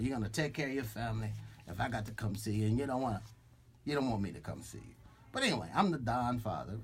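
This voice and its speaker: A man's voice: mid-range voice, slight background noise, lightly acted. A man voicing a boastful, threatening mob boss enforcer as a comic character on a radio show, speaking into a studio microphone. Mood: exasperated. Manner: swaggering, threatening, rambling with restarts.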